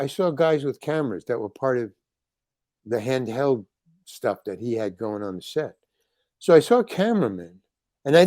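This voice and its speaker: An older man, a guest on an interview show, telling a long anecdote in an animated, rambling way and acting out the lines of the people in it. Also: medium pitch, no echo. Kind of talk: storytelling anecdote.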